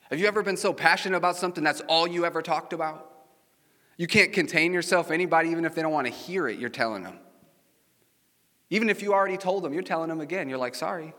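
A man's fairly bright, rather high voice carries through a church sanctuary as he preaches a casual sermon. This pastor tells stories, questions the congregation, and is heard with the lengthy reverb of a large hall.

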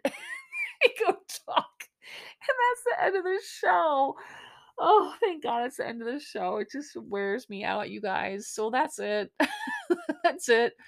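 A woman hosting a podcast, recapping a dating show in casual chat, exasperated and sarcastic with lots of fillers. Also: a little high. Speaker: podcast host.

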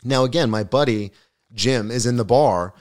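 Young male storyteller, comedic podcast guest, middle-pitched, animated, profane. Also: normal speed. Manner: animated, swearing, acts out the quotes.

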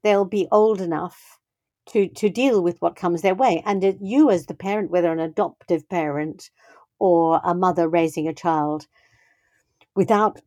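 Warm older woman telling stories thoughtfully. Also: on the low side, a little slow, dry recording. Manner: thoughtful, with frequent restarts and "you know". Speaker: guest speaking on parenting. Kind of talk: reflective conversational storytelling.

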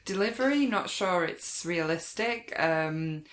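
A woman's voice: fairly low pitch, lively intonation, a little slow, echoey room. A woman co-hosting a casual film-discussion podcast, amused and giggly as she chats. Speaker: podcast co-host.

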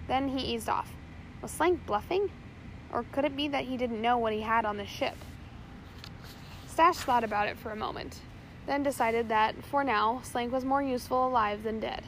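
A woman's voice: a little high, moderate pace, fairly bright tone, a little hiss or hum, low-quality recording. A woman narrating an adventure story aloud, reading steadily with occasional slips and restarts.

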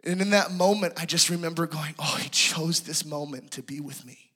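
Male preacher, bright and fairly high, sermon testimony, hushed to impassioned. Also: normal speed, breathy edge. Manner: hushed and tender, rising to impassioned pleading.

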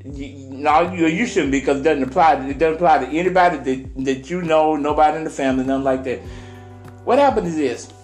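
A man's voice: fairly high pitch, echoey room, faint music behind. A man co-hosting a podcast who vents in a heated, emphatic way, cursing and stretching out his words for stress. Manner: heated, cussing, drawn-out emphatic delivery. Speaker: podcast co-host. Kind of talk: casual podcast chat, ranting.

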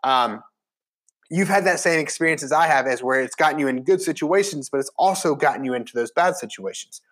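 A young man in his twenties chats through a personal story in a casual monologue. His voice sits a little high for a man, and he talks in an animated way, full of fillers and restarts. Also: brisk. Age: 20s.

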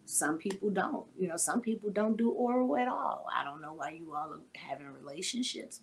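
A woman's voice: mid-range voice, lively intonation, normal speed, vocal fry, hardly any pauses, a little hiss or hum. A woman hosting a podcast, talking bluntly and explicitly and quizzing her listeners. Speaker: podcast host. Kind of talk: casual frank talk with listeners.

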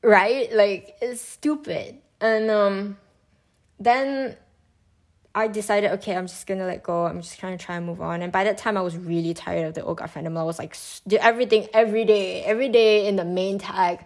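A young woman casually telling a personal story, swearing freely and getting loud and high when she acts out other people. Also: moderate pace. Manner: animated, rising pitch when mimicking, swears freely.

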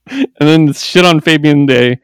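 Animated man recapping comics, dry close mic. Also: fairly high pitch, clean tone, dry recording. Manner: animated, acts out characters in quick voices, laughs often. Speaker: podcast co-host. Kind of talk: casual comic book chat.

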